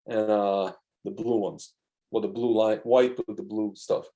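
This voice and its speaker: Podcast cohost, mellow dark voice, rambly, does little voices in his stories. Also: fairly low pitch, level tone, a little slow. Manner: rambling storyteller, acts out quotes. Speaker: podcast co-host. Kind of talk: casual chat.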